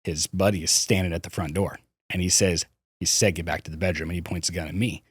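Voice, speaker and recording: A man's voice: low-pitched, fairly even intonation, fast talker, slightly rough, no room sound, clean studio sound. A man, a podcast guest, candidly recounting his childhood, swearing freely and restarting his sentences. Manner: frank, swears, hesitant restarts. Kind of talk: candid personal storytelling.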